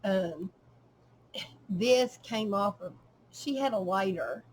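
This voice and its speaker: Soft-spoken middle-aged woman, casual. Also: medium pitch, lively intonation, a little hiss or hum, rough recording. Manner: unhurried, with frequent ums and trailing pauses. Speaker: crafter showing a handmade journal. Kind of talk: casual show-and-tell narration.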